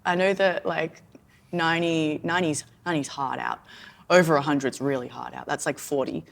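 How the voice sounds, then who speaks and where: A woman with an Australian accent, hoarse as she recovers from illness, chatting as a podcast co-host. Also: deep voice, fairly even intonation, normal speed. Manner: chatty, laughs often. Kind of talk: casual chat.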